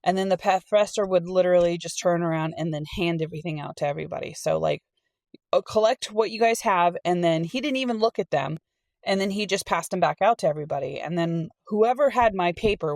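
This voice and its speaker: A middle-aged woman reading a storytime aloud and telling her own college story in a chatty, animated way. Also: on the low side, creaky, no room sound. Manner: chatty and animated, acts out quoted people. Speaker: storytime reader and channel host. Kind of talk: casual storytime reading with personal anecdote.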